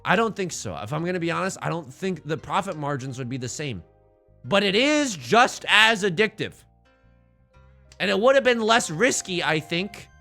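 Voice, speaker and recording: A man's voice: a little high, sing-song, a little fast, creaky, hardly any pauses, a bit bright, faint music behind. A man streaming a game live, rambling and joking with his chat between plays. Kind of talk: live-stream gameplay commentary.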